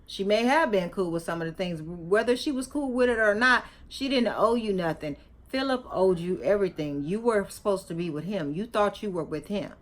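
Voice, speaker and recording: A woman's voice: medium pitch, animated, moderate pace. A woman reacting to a video in a vlog, talking casually in slang, emphatic and repetitive, lecturing as she gives her opinion. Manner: emphatic, repeats herself, scolding and preachy; casual slangy talk, chewing gum.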